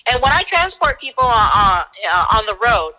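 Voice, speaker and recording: A woman guest telling an animated story in conversation, acting out the people she quotes with sudden jumps in pitch. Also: normal speed, rough recording. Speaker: guest, former bounty hunter.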